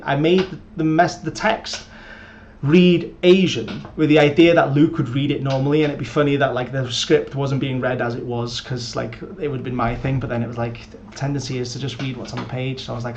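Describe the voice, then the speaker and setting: A man's voice: mid-range voice, steady tone, fairly quick. A man co-hosting a podcast, chatting casually and rambling with lots of fillers and restarts. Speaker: podcast co-host and episode writer. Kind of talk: casual chat. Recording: muffled lo-fi audio, faint background noise.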